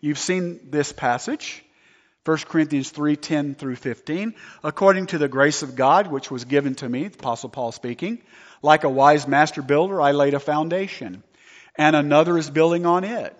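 A man preaching a sermon as pastor, animated and firing rhetorical questions at his listeners. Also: fairly high pitch, moderate pace. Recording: long hall reverb, dull lo-fi sound.

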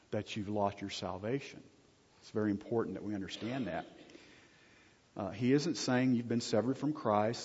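Warm and mid-range, a man's voice carries a conversational sermon as he serves as pastor. Joking with the congregation, he keeps asking them frequent check-in questions. Expect husky vocals, lengthy hall reverb, and a muffled lo-fi sound.

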